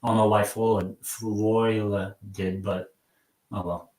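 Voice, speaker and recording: A man hosting a casual live football watchalong. He rambles and mocks himself, and his sentences often trail off quietly. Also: lowish voice, level tone, slow pace. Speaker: live stream host. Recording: roomy sound from a mic at some distance.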